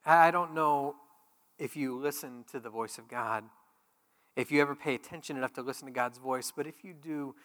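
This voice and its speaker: A man preaching a sermon as pastor, conversational and joking, swinging from loud emphatic peaks to quiet intimate asides. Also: medium pitch. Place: large church sanctuary. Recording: long hall reverb.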